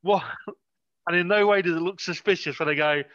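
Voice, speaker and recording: A man's voice: sits high, a little fast, fairly bright tone, no room sound. A man chatting about a film in a sarcastic, mocking way. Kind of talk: casual film chat. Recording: dull, dry lo-fi mic.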